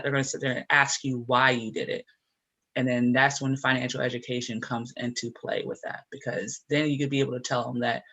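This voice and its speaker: An animated man co-hosting a casual talk show, with a mid-pitched voice. He talks in loose, repetitive runs and urges his listeners on like a preacher. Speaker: podcast co-host. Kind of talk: casual chat.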